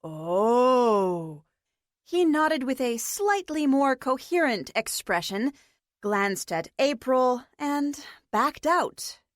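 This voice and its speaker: A woman narrating an audiobook in a measured, deliberate reading. Her voice sits a little high and her pace is slow, and the sound is close and completely dry with no room around it. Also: expressive, no echo. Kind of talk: scripted narration.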